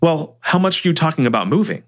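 A man's voice: a little high, very animated, fast, pitched above the performer's own voice. A man voicing a stressed, defensive male financial advisor who turns sarcastic under strain. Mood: hurt and bitter.

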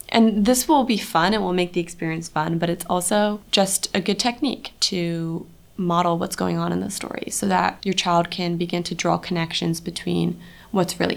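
A young woman hosting a podcast for parents in a recording studio, explaining read-aloud tips in an animated way. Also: on the low side, gravelly. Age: young adult. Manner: animated, bursts into dramatic read-aloud voices. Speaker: podcast host. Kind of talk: instructive podcast talk for parents.

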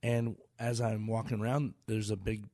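A man's voice: lowish voice, level tone, normal speed, warm tone, no echo, studio quality. A comedian in his forties telling a story on a podcast, acting out the dialogue with lots of energy. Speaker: comedian guest.

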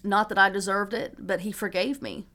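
A woman's voice: mid-range voice, steady tone, normal speed, pushed and bright. Earnest middle-aged mother telling a story. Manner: earnest, emotional, reflective. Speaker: mother sharing a personal story. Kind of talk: personal storytelling.

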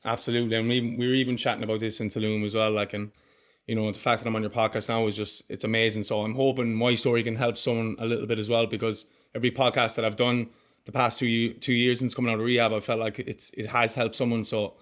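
A man's voice: lowish voice, level tone, quick pace. A man in his twenties, a podcast guest talking casually and earnestly, often calling his friend "mate" and "bro". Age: 20s. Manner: earnest, heartfelt, peppers talk with "mate" and "bro".

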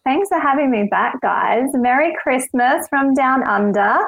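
A woman's voice: sits high, lively intonation, measured pace, vocal fry, fairly bright tone, low-quality recording. An Australian woman, a podcast guest, chatting casually and laughing easily.

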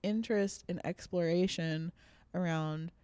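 A woman's voice: lowish voice, fairly even intonation, unhurried, mellow, clear, resonant tone, dry recording. A young woman chatting casually, telling a rambling personal story with laughs and fillers. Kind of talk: casual chat.

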